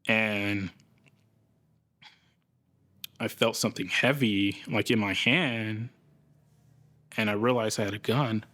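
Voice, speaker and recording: A man giving a documentary interview, talking slowly and haltingly as he searches for words. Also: fairly low pitch, fairly even intonation, a bit bright. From United States. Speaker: interviewee recounting a psychosis episode.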